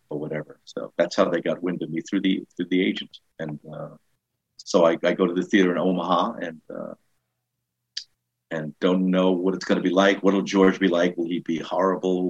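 An older comedian with a New York accent spins animated backstage anecdotes, slipping into quoted voices as he goes. His voice is husky and sits a little low. The recording sounds dull and lo-fi. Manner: animated, acts out quoted voices, frequent restarts. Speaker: comedian and guest. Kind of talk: casual anecdotal storytelling.

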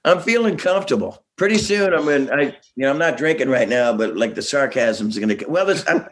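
A middle-aged man chatting as a guest, animated and laughing, slipping into quick voices as he tells stories. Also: medium pitch, slight background noise. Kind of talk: casual chat, storytelling.

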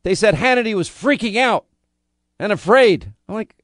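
A man's voice: sits high, lively intonation, normal speed, fairly bright tone, dry recording. A man hosting a talk radio show, delivering a combative, indignant monologue full of rhetorical questions into a studio microphone.

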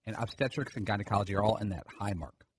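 Husky man reading out sports stats. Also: lowish voice, quick pace. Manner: matter-of-fact, reading out figures. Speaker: radio show regular with stats. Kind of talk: casual radio chat.

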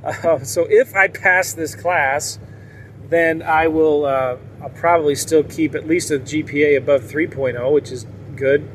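A man chats candidly to his audience, wandering from point to point and chuckling often. His voice sits a bit high for a man. A faint hum of traffic and ambient noise runs under him. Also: steady tone, unhurried. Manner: rambling, candid, laughs often. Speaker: vlogger. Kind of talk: casual monologue to viewers.

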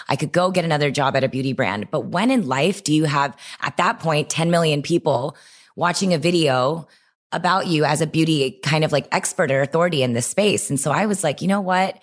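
A young adult woman from the United States, a guest entrepreneur, telling her story in an animated, expressive way during a casual interview. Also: deep voice.

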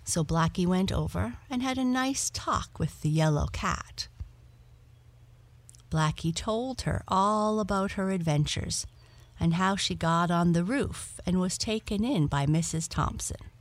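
A woman gently reading a children's bedtime story aloud as the storyteller. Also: lowish voice, no room sound. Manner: gentle and measured.

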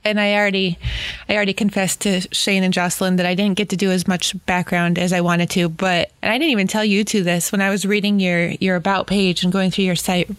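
A woman's voice: mid-range voice, flat delivery, brisk, smooth, dry recording. A woman with an ordinary mid-range voice hosts an interview podcast. She is effusive and openly personal with her listeners, and her recording is dry and close. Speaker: podcast host. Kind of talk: conversational interview.

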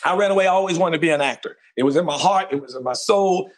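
A man from North Carolina, a guest actor, telling his story in an animated, emphatic way and repeating phrases for stress. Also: fairly high pitch, fast. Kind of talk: excited storytelling interview.

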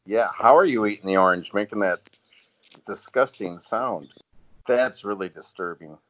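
A man's voice: fairly low pitch, moderate pace, a bit bright. A man co-hosting a casual podcast, joking and playful. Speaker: podcast co-host. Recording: dry lo-fi audio.

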